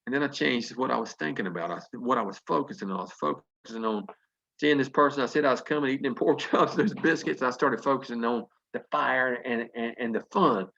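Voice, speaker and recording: A man's voice: medium pitch, brisk, creaky, a bit bright, highs cut off. A Southern man in his fifties from North Carolina, telling earnest, folksy stories as a motivational speaker on a video call. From North Carolina, USA. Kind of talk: motivational storytelling.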